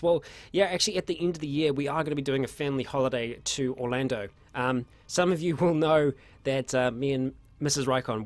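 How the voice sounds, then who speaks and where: A young man hosting a casual Q&A, reading out viewer questions and answering in a chatty, rambling way with many fillers and restarts. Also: medium pitch. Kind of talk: casual livestream Q&A.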